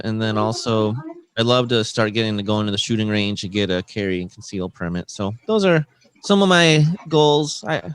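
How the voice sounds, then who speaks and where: A man's voice: on the low side, a bit bright, clear, resonant tone. A man co-hosting a podcast, talking plainly about his goals in a casual, earnest way. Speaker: podcast co-host. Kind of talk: casual chat.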